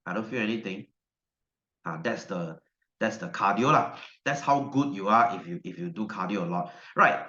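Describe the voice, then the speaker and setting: A man's voice: low-pitched, lively intonation, normal speed, bright, forceful tone. A male science teacher, giving a chatty online class lecture and repeating his questions to the class. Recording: dull, roomy echo.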